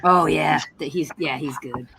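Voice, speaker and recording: A woman's voice: sits low, moderate pace, vocal fry, background noise. A woman on a video call, telling a funny family story with lots of laughter. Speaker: participant in a friends' video chat. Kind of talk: casual chat.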